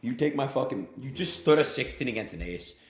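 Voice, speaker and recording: A young man live-streaming his gambling, swearing freely and swinging between yelling and muttering. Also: mid-range voice, lively intonation, brisk. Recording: roomy echo.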